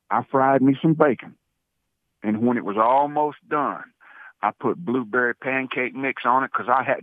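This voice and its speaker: A man's voice: mid-range voice, no echo. A male caller on a call-in show, talking in a folksy, rambling way with colloquial turns of phrase. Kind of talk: casual call-in chat. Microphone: telephone. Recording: tinny dry phone line.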